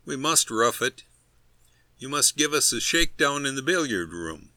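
A man's voice: medium pitch, big pitch swings, moderate pace, bright, forceful tone, no echo. A man voicing a fussy, hard-to-please male traveler in a storybook reading, with plaintive exclamations. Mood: exclaiming.

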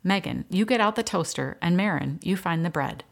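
A woman voicing a gentle young woman caring for twin girls, coaxing and warm with them. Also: lowish voice, expressive, fairly quick, gravelly.

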